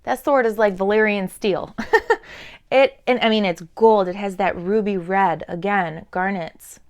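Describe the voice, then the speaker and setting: A woman in her thirties doing an intuitive oracle card reading to camera, chatting in a meandering way with fillers, and sometimes dropping to soft murmurs. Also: medium pitch, fairly even intonation, measured pace. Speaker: tarot and oracle card reader.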